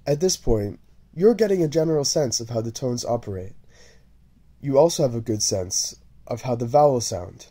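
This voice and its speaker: A man teaching a language lesson, speaking slowly and deliberately and repeating syllables over and over for the listener to copy. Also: medium pitch, animated, dark tone, husky. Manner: drawn-out, repeated syllable drills. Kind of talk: slow, deliberate lesson narration.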